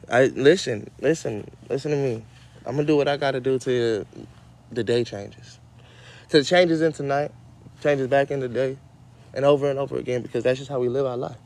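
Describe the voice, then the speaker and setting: A man's voice: mid-range voice, gravelly, darkish tone. A man hosting a casual livestream, rambling and cursing as he talks straight to his viewers. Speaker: livestream host.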